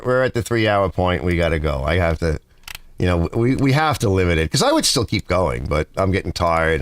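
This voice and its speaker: A man's voice: low-pitched, slight background noise. A middle-aged man hosting a garage livestream, chatting casually, reading viewer comments and rambling through stories. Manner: rambling, talkative storyteller.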